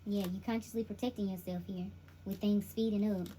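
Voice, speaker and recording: A woman's voice: mid-range voice, steady tone, a little fast, background noise. A woman giving a casual tarot reading, speaking directly to the listener in an emphatic, repetitive, slangy way. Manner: informal slangy delivery. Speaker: intuitive tarot reader.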